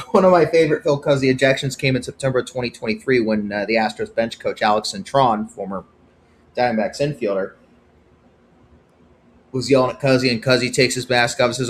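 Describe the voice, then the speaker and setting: A man hosting his own podcast, giving opinionated solo commentary that swings from heated outbursts to hushed, sober stretches. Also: medium pitch, a little fast, a little hiss or hum. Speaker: podcast host.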